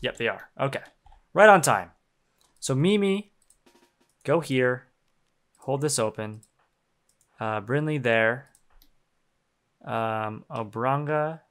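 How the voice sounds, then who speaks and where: A man's voice: mid-range voice, slow pace, pauses often, smooth. A young man casually commenting on his own gameplay, swearing freely, laughing often and getting worked up. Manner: profane, excitable, laughs often. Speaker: game streamer.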